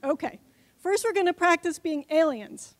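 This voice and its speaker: A woman's voice: very high-pitched, lively intonation, normal speed, no room sound. A woman giving a short conference talk, coaxing and speaking straight to a live audience.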